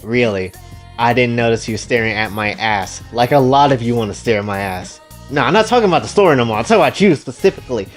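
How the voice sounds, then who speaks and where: A man rambling through a crude comedic retelling, talking straight to his viewers with excitable asides. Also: medium pitch, fast, faint music behind. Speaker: storyteller, channel host.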